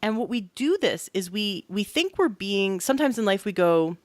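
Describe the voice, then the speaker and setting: A woman hosting a podcast, explaining and telling stories in an animated, conversational way, with many casual fillers. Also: medium pitch, normal speed, no echo. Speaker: podcast host.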